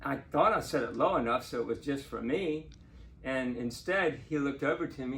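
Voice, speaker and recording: An older man, a lawyer, telling a true personal story in a chatty, animated way and laughing now and then. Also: mid-range voice, moderate pace, a little hiss or hum. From Portsmouth, Virginia. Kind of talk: casual spoken storytelling.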